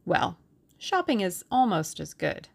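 A woman's voice: medium pitch, sing-song, a little slow, vocal fry, voice pushed up. A woman voicing a playful young Englishwoman in an audiobook, with a lilting, coy delivery. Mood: dreamy. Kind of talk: audiobook character reading.

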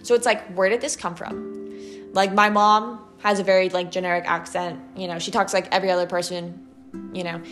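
Animated young woman with Valley Girl lilt. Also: fairly low pitch, normal speed, soft background music. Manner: animated, chatty, heavy use of "like" and "okay". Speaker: student podcast host. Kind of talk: casual solo podcast monologue.

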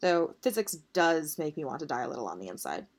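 A woman voicing an easygoing, teasing young male college student in a storybook reading, in a slightly low voice. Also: quick pace, full character voice. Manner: relaxed, teasing.

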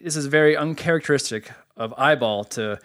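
A man co-hosting a casual podcast, telling a story with animated, profane energy. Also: on the high side, fairly quick. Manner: animated storyteller, swears freely. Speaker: podcast co-host.

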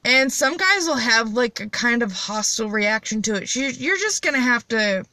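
A young woman hosting a casual solo chat, high and rambling with blunt, profane jokes. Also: pushed and bright, no echo. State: high on cannabis. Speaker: podcast host.

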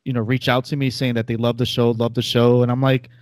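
A man's voice: medium pitch, level tone, fast talker, a little mellow, no echo. Nasal New man, casual chat. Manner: rambling, self-deprecating, laughs often. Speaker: podcast guest, former host.

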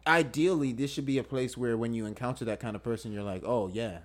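A man hosting a casual podcast chat with friends, telling stories in an animated way and laughing often. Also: mid-range voice, fast. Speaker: podcast host.

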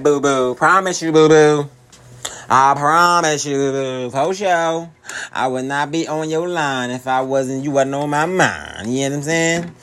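A man's voice: medium pitch, a little hiss or hum. A young man with a Philadelphia accent, venting in a profane, slangy monologue to his girlfriend. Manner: profane, slangy, pleading then exasperated. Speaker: vlogger.

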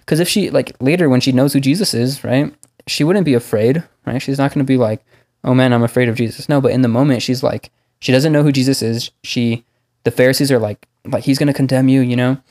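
A man in a casual faith conversation, speaking in a relaxed way with lots of "like" fillers. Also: mid-range voice, fairly quick.

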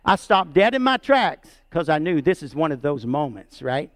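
A middle-aged pastor preaches a sermon at a normal speed, telling a family story in a sing-song manner and repeating words. He checks in with the congregation with "right?" and "amen?", rising high and loud for emphasis and dropping soft for quiet lines, on clean studio sound with no room noise.

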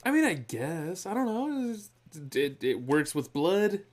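A man co-hosting a casual podcast chat, excitable and rambling, his voice jumping up when he is surprised. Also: high voice, unhurried, slight background noise.

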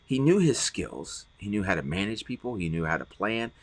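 A middle-aged male pastor delivering a podcast sermon in an earnest, heartfelt way, often doubling words as he presses a point. His voice sits low and a little husky, and his pitch rises and falls with lively emphasis. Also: moderate pace, long pauses. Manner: earnest, repeats words when stressing points.

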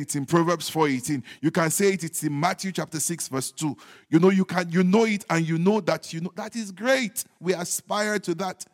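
A man preaching a sermon as pastor, repeating his points emphatically and moving between loud declarations and hushed, joking asides. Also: fairly high pitch. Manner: humorous asides with chuckles. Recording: long hall reverb.

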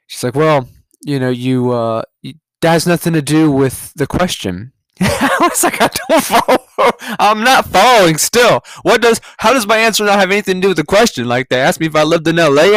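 A man's voice: fairly high pitch, a bit bright, dry recording. A man from California telling a story on his podcast, profane and sarcastic, breaking into laughs. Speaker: podcast host. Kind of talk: casual ranting monologue.

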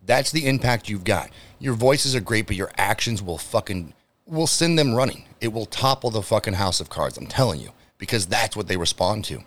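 A man's voice: on the low side, big pitch swings, normal speed, fairly bright tone. Fired-up, profane man ranting. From United States. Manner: profane, heated and emphatic; direct address to listeners. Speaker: podcast host. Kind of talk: solo podcast rant.

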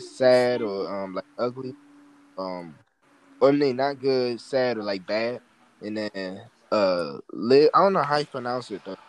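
A man co-hosting a podcast, telling stories in a laid-back, slangy, drawling way. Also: medium pitch. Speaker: podcast co-host. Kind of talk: casual chat.

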